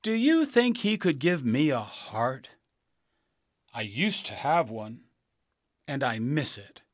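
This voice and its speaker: A man voicing a stiff, rusted tin man who pleads slowly in a high, strained voice for a storybook reading. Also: very animated, no echo, clean studio sound. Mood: grateful. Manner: slow, strained, high and distant.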